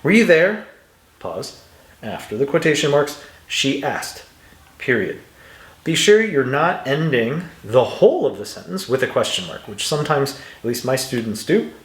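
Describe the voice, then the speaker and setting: A man's voice: mid-range voice, big pitch swings, normal speed, roomy sound. A man teaching English punctuation, walking through example sentences patiently and reading them aloud with exaggerated intonation. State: dry throat, clears it now and then. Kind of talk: instructional walkthrough.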